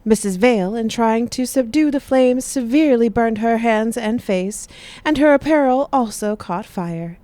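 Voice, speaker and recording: A woman narrating a Western space audio drama in a measured announcer delivery. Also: fairly high pitch, mellow, dry recording. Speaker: narrator and newsreader. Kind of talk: scripted radio-drama narration.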